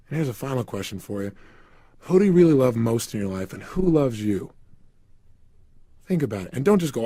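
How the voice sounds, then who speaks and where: A man's voice: medium pitch, sing-song, fairly quick, pauses often, warm tone, husky, dry recording. A man giving a guided motivational talk, emphatically firing repeated questions at the listener. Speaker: motivational speaker.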